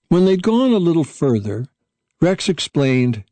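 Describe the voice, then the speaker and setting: A man reading a storybook aloud in a measured, unhurried way. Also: a little high, big pitch swings, mellow, no echo.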